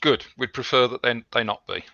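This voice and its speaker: A man's voice: mid-range voice, fairly even intonation, a little fast, creaky, pushed and bright, muffled recording. A man playing as a starship captain in a tabletop game, speaking in character with hesitant fillers. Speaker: player voicing the ship's captain. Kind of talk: casual tabletop role-play.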